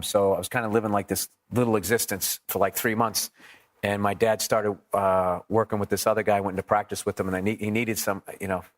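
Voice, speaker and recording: Profane comedian telling stories. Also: male voice, fairly low pitch. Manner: profane, animated storyteller acting out quotes. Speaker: comedian guest. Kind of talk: storytelling interview.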